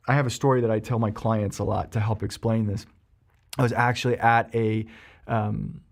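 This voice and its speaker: A man, a therapist, explaining emotions on a podcast and telling a personal story, animated and full of ums and restarts. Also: on the low side.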